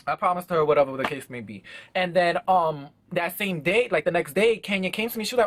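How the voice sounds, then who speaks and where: A young man rattles through a casual storytime, his pitch jumping all over as he talks fast and slangy. The sound is dry and close, recorded indoors at home. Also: no echo. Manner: animated, slangy, quick. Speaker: vlogger. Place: indoors at home before a backdrop.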